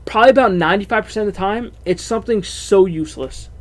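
Young male co-host, high voice, blunt and dismissive, swears. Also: fast. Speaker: podcast co-host. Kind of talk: casual chat.

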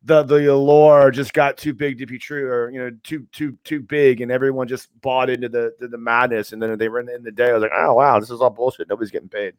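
A laid-back man chatting on a podcast, easygoing and quick to agree, with some casual cursing. His voice is mid-pitched and sounds dry and close, with no room echo. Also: flat delivery, clean tone.

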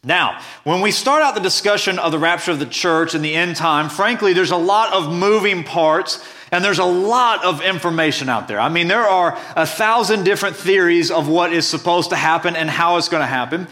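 A man's voice: high-pitched, moderate pace, bright, forceful tone. A man preaching a sermon as pastor, reading scripture and explaining it earnestly and emphatically.

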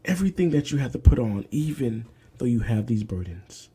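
A man's voice: mid-range voice, sing-song, fairly quick, warm tone, slightly rough. A young man hosting a podcast, preaching emphatically, repeating phrases and dropping to whispers. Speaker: podcast host. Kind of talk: preaching-style podcast talk.

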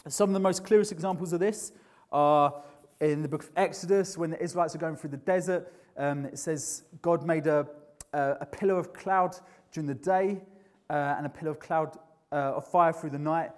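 A man's voice: on the high side, steady tone, moderate pace, a little mellow. A man preaching a sermon in a conversational, earnest way, often restarting his sentences.

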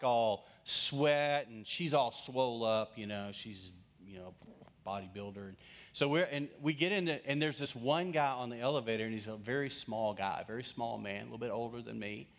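A male pastor preaching through a humorous personal story and acting out the quoted voices of the people in it. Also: medium pitch. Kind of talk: storytelling sermon.

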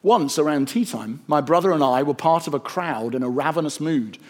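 A man narrating a rhyming story in a gentle, rhythmic storytelling manner. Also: a little high, animated, normal speed.

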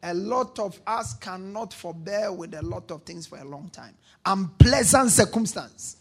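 A man preaching a sermon in a high, gravelly voice with a raspy edge. He hammers key lines again and again, calls on the congregation to say them back, and rises into shouts when he drives a point home. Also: lively intonation, a little slow. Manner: emphatic preaching, repeating lines and prompting call-and-response. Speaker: pastor.

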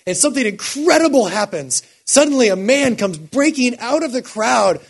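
Husky, high-voiced preacher man. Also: very animated, moderate pace. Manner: builds to impassioned shouting, then drops quiet. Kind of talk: sermon.

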